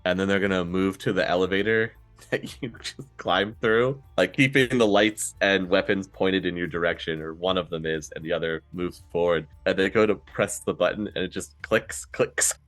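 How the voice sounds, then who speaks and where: A man narrating a tabletop role-playing game as game master, relaxed and quick to laugh. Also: low voice, dry recording, faint music behind.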